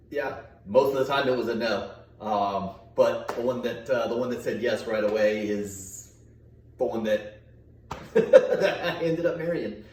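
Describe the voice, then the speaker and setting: A man co-hosting a casual family vlog, easygoing and chuckling, with halting fillers. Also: fairly low pitch, darkish tone, slight background noise. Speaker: vlog co-host. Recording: echoey room, mic far off.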